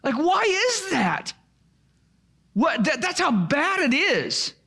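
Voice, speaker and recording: A man's voice: very high voice, sing-song, slow pace, gravelly, sharp tone. A man preaching a sermon, asking the listeners questions and then answering them himself. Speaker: pastor.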